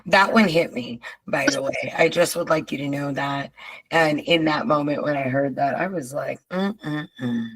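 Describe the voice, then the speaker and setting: Woman podcast host, lowish voice, emphatic, chatty delivery with loose asides. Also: rough recording. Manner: emphatic and expressive, drawn-out asides. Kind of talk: casual chat.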